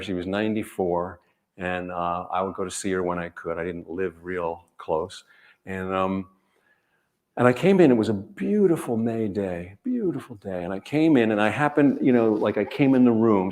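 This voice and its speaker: A man, an author, speaking to an audience in a measured, earnest way, telling stories and repeating key phrases. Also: low-pitched, a little mellow. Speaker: author giving a reading and talk. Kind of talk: reflective storytelling talk to an audience.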